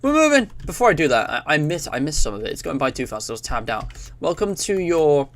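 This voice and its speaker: A man's voice: mid-range voice, quick pace, vocal fry, a bit bright. A man giving casual, rambling let's-play commentary, reading on-screen text aloud as he plays. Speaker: gaming YouTuber.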